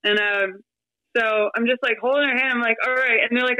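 A woman in her thirties, a podcast guest, telling her story in a chatty, animated way with lots of fillers and quoted asides. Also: a little high, a little fast, no room sound, low-quality recording. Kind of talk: casual storytelling interview.

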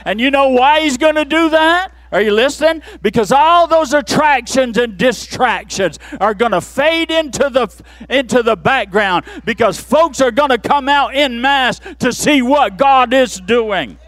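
Pastor, man, high voice, dry close sound; dynamic sermon delivery from murmurs to shouts. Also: animated, unhurried, dry recording. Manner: swings from low murmurs to shouted peaks, playful asides. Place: church.

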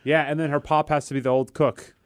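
A man's voice: fairly high pitch, level tone, fairly quick, dry recording. Podcast host, man, jokey and playful, dry studio sound. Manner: jokey, laughs often. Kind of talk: casual chat.

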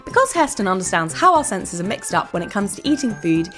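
A woman hosting a children's podcast, reading a scripted narration in a bright, enthusiastic storytelling way. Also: medium pitch, big pitch swings, quick pace, faint music behind. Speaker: host.

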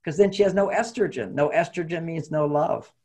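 An older man talking about relationships as an interview guest, animated and acting out little quoted conversations. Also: a little high, brisk, a little hiss or hum. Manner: animated, acts out quoted dialogue. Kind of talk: casual interview talk.

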